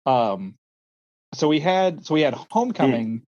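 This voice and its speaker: A man's voice: a little high, big pitch swings, unhurried, a little mellow, lo-fi sound. Rambling young man telling stories. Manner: rambling with many fillers, acts out quoted voices. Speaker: podcast co-host, schoolteacher and coach. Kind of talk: casual storytelling chat.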